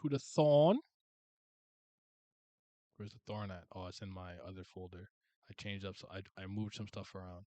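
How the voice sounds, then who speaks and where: A man's voice: low-pitched, lively intonation, normal speed, long pauses, warm tone, no room sound, highs cut off. A man hosting a casual livestream chat, rambling with lots of restarts and laughter. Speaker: livestream host.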